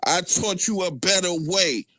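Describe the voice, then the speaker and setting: A man with a Brooklyn accent, taunting and profane as he mocks a rival on a live audio chat. His voice sits a little high for a man. The sound is dry and close. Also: unhurried, sharp tone, no room sound. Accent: Brooklyn New York. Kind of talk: heated trash talk on a live audio chat.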